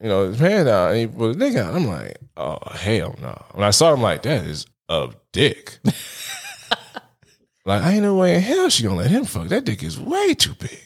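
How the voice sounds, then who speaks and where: A man's voice: mid-range voice, huge pitch swings, brisk, vocal fry, slightly rough. A man in his thirties, a podcast guest, telling a story in casual chat, acting out his own reactions and laughing often. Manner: laughs often while talking.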